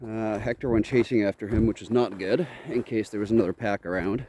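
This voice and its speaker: A man's voice: lowish voice, fairly even intonation, a little fast, warm tone, slight background noise. A man vlogging outdoors on his homestead, chatting casually and coaxing and scolding his goats. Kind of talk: casual vlog narration. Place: outdoors on a farm.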